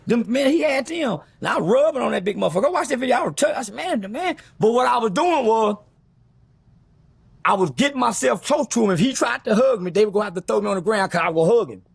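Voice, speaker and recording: A man's voice: extremely high pitch, animated, gravelly, husky, dry recording. A middle-aged man recounting a story in an interview, blunt and profane, acting out what others said. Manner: blunt, profane, rapid recounting with acted-out quotes. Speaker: interview guest telling a story. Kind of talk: animated storytelling in a sit-down interview.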